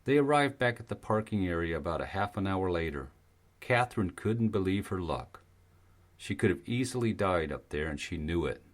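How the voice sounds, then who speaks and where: A man narrating an audiobook in a steady, even storytelling manner. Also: low voice, normal speed. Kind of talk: scripted narration.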